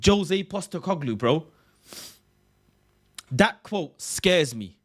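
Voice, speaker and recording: A young man hosting a casual livestream chat, excitable and repeating himself, often ending phrases with "bro". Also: on the high side, takes it slowly. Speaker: livestream host.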